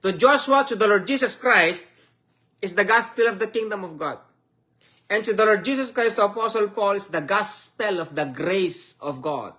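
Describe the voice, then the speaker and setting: High-voiced Filipino preacher. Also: male voice, bright, forceful tone. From Philippines. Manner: slow, emphatic, repeats phrases for the audience. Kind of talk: sermon teaching.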